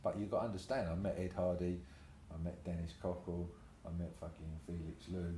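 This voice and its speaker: With a little hiss or hum on the track, an older tattoo artist speaks in a low, fairly quick voice from an echoey room in his shop. In this casual interview he swears freely and acts out the quotes in his animated anecdotes.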